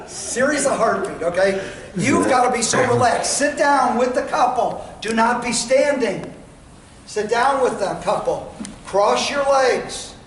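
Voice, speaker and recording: A man with a very high-pitched voice, lively intonation and a measured pace runs a folksy sales training session in a meeting room, role-playing lines for customers. Crowd noise is audible. He talks without a microphone, away from the recorder, so the recording is roomy and distant with faint room noise.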